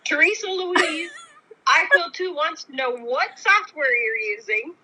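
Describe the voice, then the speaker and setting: A woman's voice: sits high, lively intonation, unhurried. A woman co-hosting a live stream, reading viewer comments aloud in a giggly way. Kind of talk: casual live-stream chat. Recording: noisy background.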